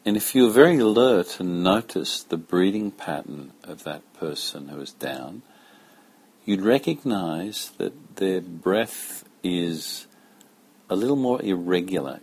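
A man with a very low, husky voice gives a spoken yoga lesson. He talks slowly and calmly, with deliberate pauses between phrases. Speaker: yoga teacher. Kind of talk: slow, measured spoken lesson.

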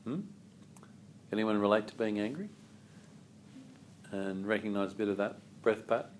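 A man teaching a yoga class, calm and asking the group questions. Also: lowish voice, normal speed, slight background noise.

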